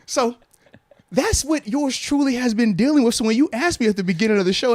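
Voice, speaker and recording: A man in his thirties hosting a casual sports podcast, an animated storyteller who swings between loud bursts and whispered asides. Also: very high-pitched, a little fast, dry recording. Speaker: podcast host.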